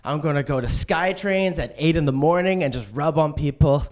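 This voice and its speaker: A man doing a stand-up set, manic and swearing, who acts out other people's lines in a shrill voice. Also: normal speed. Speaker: stand-up comedian. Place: online streamed show.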